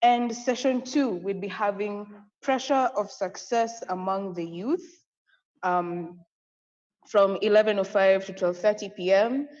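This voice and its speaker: A woman's voice: mid-range voice, measured pace. A young woman with a Kenyan accent runs through a conference agenda with breathless enthusiasm, laughing easily as she goes. Her voice sits in the middle range. The recording is dull and lo-fi, with a long echo around her. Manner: effusive, excitable, laughing often. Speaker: conference co-host. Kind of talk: live online event hosting. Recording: echoey, dull lo-fi audio.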